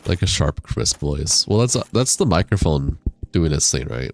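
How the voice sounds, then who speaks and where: Deep-voiced young man streaming games. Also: big pitch swings, normal speed, darkish tone. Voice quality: deep, crackly chest voice. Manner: laid-back, rambling, swears casually. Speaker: game streamer. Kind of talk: casual livestream chat while gaming. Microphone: high-quality studio microphone.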